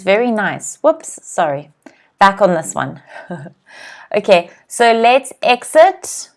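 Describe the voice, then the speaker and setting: A woman teaching a live online English lesson, saying each word slowly and clearly and having viewers repeat it. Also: medium pitch. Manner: slow, clear teacher's voice, drills words for repeating.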